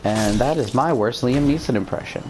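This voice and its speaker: A woman with a very deep voice giving rambling, self-deprecating let's-play commentary as she plays. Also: normal speed, noisy background. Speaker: game streamer.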